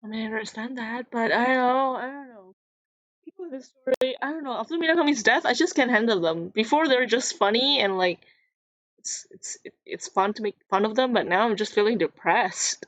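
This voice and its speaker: A woman's voice: on the high side, fairly quick, fairly bright tone, faint music behind. A woman playing a story game, reading its text aloud and chatting emotionally about it. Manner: casual, chatty, emotional commentary. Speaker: game streamer.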